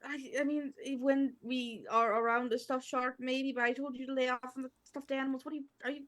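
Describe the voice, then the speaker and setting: A young woman playing a tabletop game, narrating her character in a halting, rambling way. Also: high voice, little pitch movement, a bit bright. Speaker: player.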